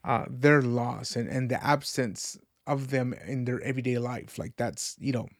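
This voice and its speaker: A man in his thirties hosts a casual podcast about faith and life. His gravelly voice sits at a middle pitch. He talks earnestly and rambles, often repeating words before finishing a thought, and the recording sounds close and dry. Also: fairly even intonation, normal speed, no echo. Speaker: podcast host. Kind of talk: casual reflective faith talk.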